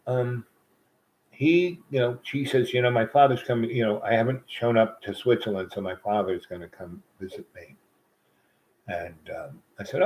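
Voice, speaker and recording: A man's voice: lowish voice, darkish tone, poor audio. A man casually telling a long personal story, rambling with fillers and quoting others.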